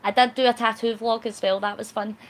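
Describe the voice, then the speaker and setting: A woman's voice: a little high, fairly even intonation, fairly quick, slight background noise. A woman chatting casually on a live stream, reading out viewer comments in a cheeky, talkative way with frequent laughs. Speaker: vlogger.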